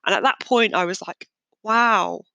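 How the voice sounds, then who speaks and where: A woman's voice: medium pitch, a little fast, bright, forceful tone, no echo. A woman hosting a podcast, telling a long personal story in a chatty, rambling and darkly candid way. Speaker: podcast host. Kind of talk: casual storytelling monologue.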